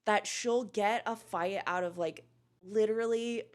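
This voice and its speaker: A woman's voice: mid-range voice, measured pace. Blunt, swearing woman livestream co-host. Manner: blunt, swears freely, animated storyteller. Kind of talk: casual chat.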